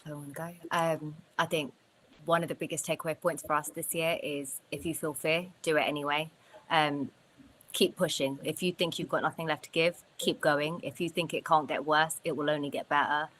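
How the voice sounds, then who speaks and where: A woman guest speaking in a steady, motivational way during a casual interview over a video call. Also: sits low, normal speed, a little hiss or hum, poor audio. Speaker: guest, award winner.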